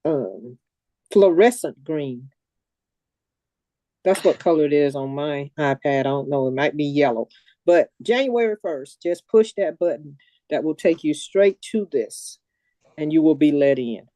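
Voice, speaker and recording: A woman's voice: deep voice, animated, unhurried, warm tone, no echo. A woman hosting an online comedy marathon, giving chatty, meandering instructions over a video call.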